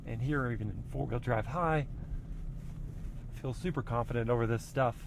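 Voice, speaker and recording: A man reviewing a pickup truck, casually explaining what he does as he drives it slowly along an off-road trail. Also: mid-range voice. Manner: relaxed, explanatory, thinking aloud. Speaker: car reviewer. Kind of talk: casual driving commentary. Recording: vehicle noise clearly heard. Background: engine and trail noise.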